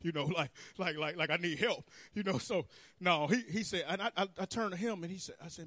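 A man preaching a sermon, telling his own story with animated swings between hushed and loud. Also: high voice, brisk, no room sound. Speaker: pastor. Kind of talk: sermon testimony. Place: church sanctuary.

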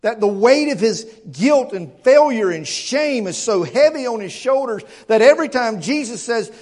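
A man's voice: very high-pitched, animated, moderate pace, darkish tone. A male pastor preaching a sermon to his congregation, earnest and emphatic, often stammering and repeating words and asking rhetorical questions.

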